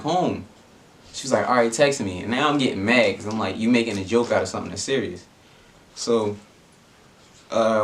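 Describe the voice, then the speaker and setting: A young adult man telling a personal story in a casual vlog, laid-back and slangy, with lots of fillers. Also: fairly low pitch. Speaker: vlogger.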